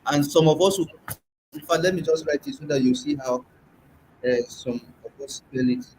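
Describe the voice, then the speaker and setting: A man's voice: fairly high pitch, very animated, normal speed, gravelly, darkish tone, a little hiss or hum, rough recording. A man with a Nigerian accent teaching an in-person workshop, patiently quizzing the class and repeating sounds aloud. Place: classroom or meeting room.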